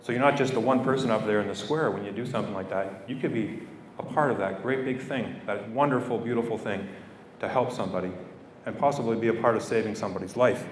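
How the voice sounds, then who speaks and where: A middle-aged Canadian man with a lowish voice gives a heartfelt speech to students as a guest speaker, repeating phrases for emphasis. He's recorded from far off in an echoey school hall or gym, with slight background noise.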